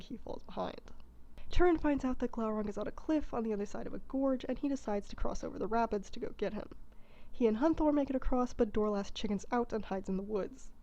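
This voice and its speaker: Casual woman narrating, mellow lo-fi. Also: fairly high pitch, a little fast. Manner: casual, irreverent. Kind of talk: comedic abridged retelling.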